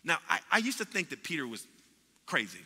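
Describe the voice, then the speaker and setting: Impassioned high-voiced man preaching, bright. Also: wildly swooping pitch, brisk, vocal fry, breathy edge. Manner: impassioned preaching with repetitions and acted-out quotes. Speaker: pastor. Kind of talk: sermon. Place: church sanctuary. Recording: long hall reverb in a church.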